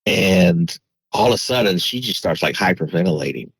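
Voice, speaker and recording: A man's voice: sits low, lively intonation, moderate pace, husky, dry recording, poor audio. A man, a podcast guest, telling a personal story in a rambling casual way, with many restarts and fillers.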